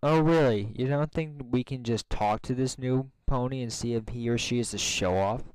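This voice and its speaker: A soft-spoken, kindly young pegasus mare from a fan storybook, calm and affectionate, as a man reading the story puts her on. Her voice is smooth and dry, easy and unhurried. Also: mid-range voice, no echo, natural voice, low-quality recording. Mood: gentle. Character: gentle, kindly young female pegasus rock star.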